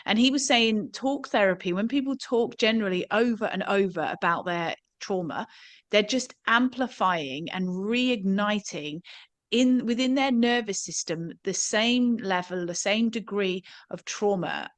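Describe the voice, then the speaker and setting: A woman's voice: medium pitch, measured pace. A woman with an Australian accent hosting a podcast conversation, explaining at length and ending her points with tag questions. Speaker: podcast host.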